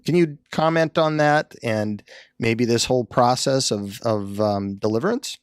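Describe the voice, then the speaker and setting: Brief: male interviewer, mid pitch, halting and searching, dry close sound. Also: clean tone, no room sound. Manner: halting, with fillers and restarts. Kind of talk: interview questions.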